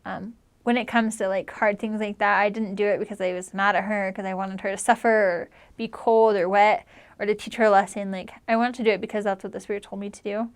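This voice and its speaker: A woman's voice: mid-range voice, fairly even intonation, a little fast, clear, resonant tone. A young woman in her twenties, a returned missionary, telling a personal story in a chatty, earnest way with lots of "like". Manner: chatty, heavy use of "like", earnest.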